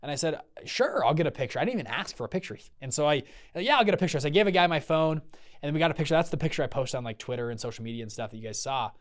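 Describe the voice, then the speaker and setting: A man's voice: a little high, very fast. A young man hosting a podcast, telling a story casually and animatedly, acting out the voices of the people in it. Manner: animated, acts out quoted voices. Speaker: podcast host.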